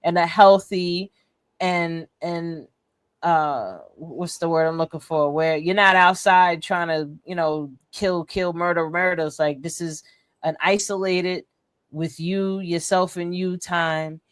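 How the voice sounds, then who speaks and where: Earnest, low-voiced young woman. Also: steady tone, slow pace, no echo, studio quality. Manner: earnest, supportive, slangy, says "like" often. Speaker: co-host, emotional wellness teacher. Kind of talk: casual chat.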